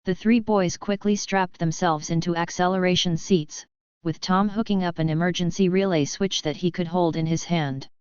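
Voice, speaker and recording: A woman narrating an audiobook in a steady, measured reading. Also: on the low side, clean tone, dry recording, lo-fi sound. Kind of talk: scripted narration.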